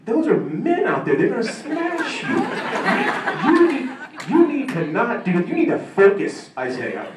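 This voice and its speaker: Man playing a high-pitched, blustering coach, heard from afar in an echoey, noisy room. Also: animated, brisk, lightly acted. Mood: shouting. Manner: loud, scolding, incredulous. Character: exasperated shouting middle-aged male coach. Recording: echoey room from far off, ambient noise.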